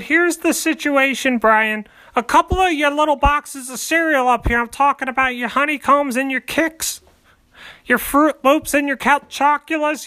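A man doing a whiny, rambling blue-collar stepdad in a comedy sketch, calling downstairs in a high, bright, pleading voice and never quite getting to the point. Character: nagging middle-aged blue-collar stepdad.

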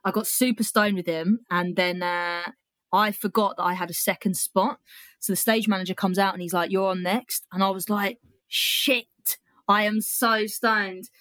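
A young British woman who works as a comedian and poet chats through a story, swearing freely and laughing between lines, then reads a poem aloud. Her voice sits fairly low with fairly even intonation, at a moderate pace and with no echo.

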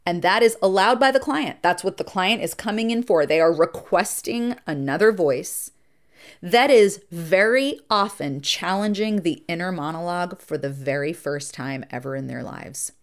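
A middle-aged woman therapist hosting a reflective podcast monologue, earnest and emphatic, slowing down to stress points and speeding through asides. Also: on the low side, animated. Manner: earnest and emphatic, shifting between slow deliberate stresses and quick asides.

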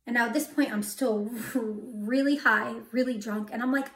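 A woman's voice: on the high side, steady tone, moderate pace, hardly any pauses, a bit bright. A woman preaching a testimony sermon, telling her story dramatically and dropping to a whisper for emphasis. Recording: echoey hall from far off.

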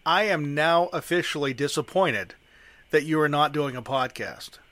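A man's voice: a little high, normal speed, sharp tone, dry recording. A man hosting a podcast interview, encouraging his guest and laughing often. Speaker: podcast host. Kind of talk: casual interview chat.

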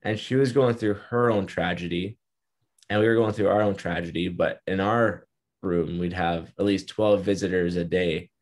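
A young man with a deep, low voice speaks as an interview guest. He tells his story in an earnest, reflective way, in casual talk. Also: fairly even intonation, normal speed.

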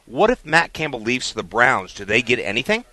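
A man co-hosting a sports radio show, excitable and playful, firing off questions to his partner. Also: medium pitch, a little fast, no room sound. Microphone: studio mic.

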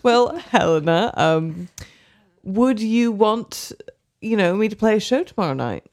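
A woman's voice: medium pitch, animated, unhurried, a little mellow. A woman playing a bard in a tabletop game, bubbly and polite, talking with a friendly lilt. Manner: bubbly, laughs often, polite in character. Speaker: player, a bard. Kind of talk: tabletop role-play.

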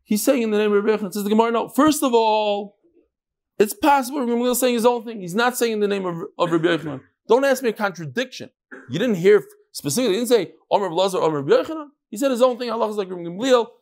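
A man teaching a daily Talmud class, asking questions aloud and mixing untranslated Aramaic and Hebrew terms into his English. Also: racing. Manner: animated, leaps between loud questions and low asides.

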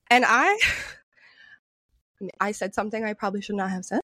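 A woman tells a story on a podcast in a loose, chatty way, swearing as she goes and laughing often. Her voice sits a little high and swings widely up and down. The sound is dry and close, with no room around her. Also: big pitch swings, measured pace, long pauses, fairly bright tone, no room sound. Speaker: podcast co-host. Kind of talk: casual storytelling chat.

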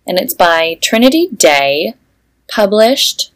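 A woman's voice: mid-range voice, very animated, slow. A woman co-hosting a podcast, chatting casually and reading silly fan fiction aloud, laughing often. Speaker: podcast co-host.

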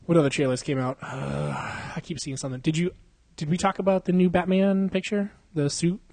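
A man's voice: fairly high pitch, steady tone, brisk, vocal fry, darkish tone, no echo. A young man hosting a podcast in casual chat, swearing and laughing often as he jokes around. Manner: crude, joking, laughs often, swears a lot. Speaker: podcast host.

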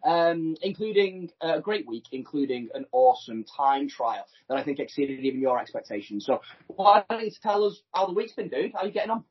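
A man hosting a casual podcast, teasing his co-host with animated banter. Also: on the high side, brisk, breathy edge. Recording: dull lo-fi recording.

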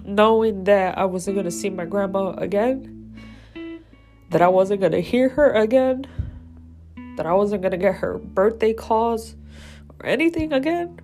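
A woman's voice: medium pitch, unhurried, pauses often, darkish tone, soft background music. A woman telling a raw personal story with heavy swearing and strong emotion, as a podcast host.

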